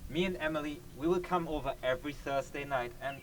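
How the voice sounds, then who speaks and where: A man's voice: fairly high pitch, quick pace, background noise, lightly acted. A man acting a nervous young groom in an amateur stage play, speaking in an earnest, stammering way.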